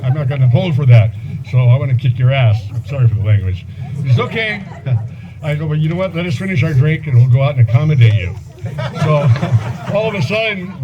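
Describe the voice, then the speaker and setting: A man in his seventies giving a eulogy for an old friend at a memorial gathering, rambling through anecdotes with chuckles and fillers. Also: on the high side. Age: 70s. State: voice breaking with emotion at times. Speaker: eulogy speaker, old friend and former police partner. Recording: muffled event recording with loud background noise.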